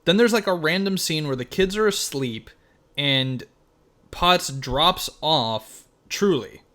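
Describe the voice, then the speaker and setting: A young man co-hosts a podcast, casually chatting about a film while laughing, swearing and putting on silly voices. He's animated, with a fairly high pitch and a slow pace.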